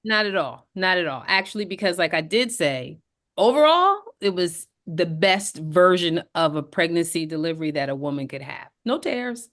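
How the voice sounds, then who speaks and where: A middle-aged woman co-hosting a podcast, telling a personal story in casual chat and acting out the voices she quotes. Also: normal speed. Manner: animated, acts out quoted voices with big pitch jumps. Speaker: podcast co-host.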